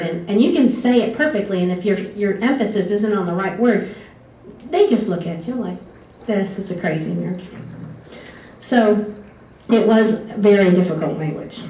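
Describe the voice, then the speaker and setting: A woman's voice: mid-range voice, mellow. A woman recounts her stories in a loose, chatty way and keeps drifting onto tangents. Her voice sits in a middle range and bounces around a reverberant room. She is picked up from a distance, with a faint hiss underneath. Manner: chatty, goes off on tangents, laughs often. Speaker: former exchange student telling stories. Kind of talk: casual storytelling talk.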